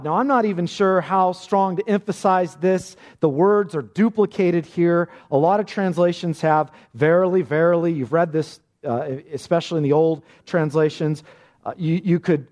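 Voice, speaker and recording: A man's voice: on the high side, normal speed, a little mellow. A man preaching an expository sermon, emphatic, often repeating words and restarting phrases as he presses a point.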